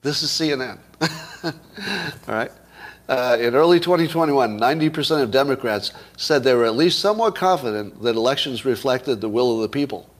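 A man's voice: medium pitch, fairly quick. Sarcastic man talking politics solo. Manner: sarcastic, asks the audience rhetorical questions, laughs at his own points. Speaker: commentator. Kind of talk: solo political commentary to camera.

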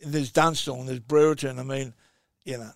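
A man's voice: mid-range voice, fairly even intonation, normal speed, vocal fry, no echo, studio quality. A man in his sixties with an Australian accent, telling rambling stories as a podcast guest, full of fillers and asides. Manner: rambling anecdotal storyteller, many fillers. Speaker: guest, former footballer. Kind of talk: casual podcast chat.

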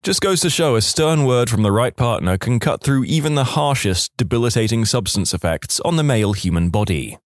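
A man narrating online stories aloud with wry, expressive storytelling. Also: medium pitch, brisk, hardly any pauses, dry recording, clean studio sound.

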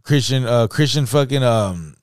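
A man's voice: mid-range voice, lively intonation, moderate pace, clear, resonant tone, no room sound, clean studio sound. A young man, telling a profane, laughing story in casual chat and acting out the quotes. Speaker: podcast host.

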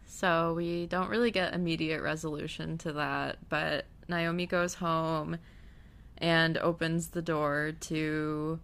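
A young woman casually recapping a TV episode, gushing and emotional, her voice dropping soft and then rising loud with feeling. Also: low voice, steady tone, slow, creaky, clean tone. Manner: gushing, emotional, swings between hushed and loud. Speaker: TV recap vlogger.

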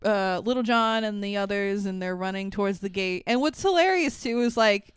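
A woman's voice: mid-range voice, moderate pace, clear, resonant tone, no echo. A woman co-hosting a podcast, casually recapping a movie, laughing often and swearing while acting out bits in quotes. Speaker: podcast co-host.

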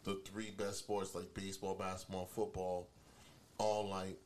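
A man's voice: sits low, flat delivery, measured pace, darkish tone, slight background noise. A man as a guest on a casual podcast, rambling in profane slang.

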